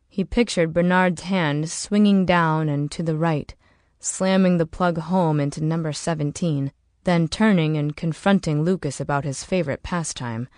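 Casting: woman audiobook narrator, low voice, steady, dry close sound. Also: no echo.

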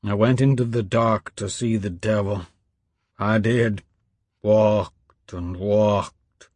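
A broken old priest, tearful and half-unhinged, muttering one moment and thundering scripture the next, as an audiobook narrator puts him on. His voice has a husky, grainy edge. It sounds close and dry. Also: steady tone, takes it slowly, a little mellow, dry recording. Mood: haunted, pleading. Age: older. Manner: sniffling, broken, swings to booming preaching.

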